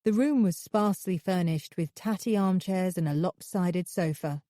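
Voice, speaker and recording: A woman narrating a thriller audiobook in a measured, steady reading voice. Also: on the low side, no echo, clean studio sound.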